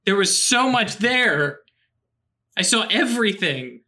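A man's voice: high-pitched, very animated, slow pace, pushed and bright, pitched above the performer's own voice, full character voice. A man voicing a dazed male mage who is obsessed and pleading. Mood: awestruck.

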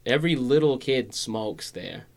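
A man's voice: mid-range voice, expressive, a little slow. A young man in casual podcast chat, laid-back and swearing freely as he tells stories.

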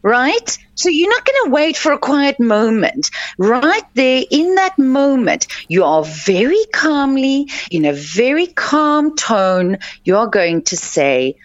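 Her high, sing-song voice moves slowly with hardly any pauses as she hosts a radio coaching show. The life coach gives earnest advice and repeats herself for emphasis, captured in a dry, dull lo-fi recording.

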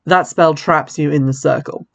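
A scornful old woman villain gloats over her trapped victim in a plain, level delivery, as a film recapper reads her line. The voice sits at a middle pitch and stays close to the speaker's everyday voice. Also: fairly even intonation, moderate pace, creaky, no echo. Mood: gloating.

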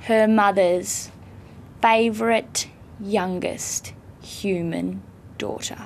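A woman's voice: mid-range voice, steady tone, drawn-out words, slight background noise. A woman making short, hesitant teasing remarks about a friend. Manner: hesitant, drawn out.

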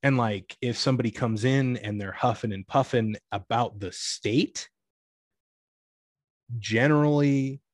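A man's voice: medium pitch, unhurried, dry recording, clean studio sound. A young man talking in a casual chat, rambling with lots of filler words and free swearing. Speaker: guest.

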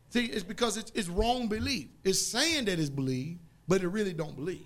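A man preaching a sermon in a folksy, emphatic way, drawing call-and-response from the congregation and rising to loud outbursts. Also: sits high, a little fast, few pauses.

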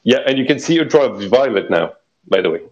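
Halting man running a role-play game. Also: medium pitch, expressive, dull audio. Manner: halting, many restarts and fillers. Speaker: game master and player. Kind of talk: improvised tabletop role-play over a call. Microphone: voice call.

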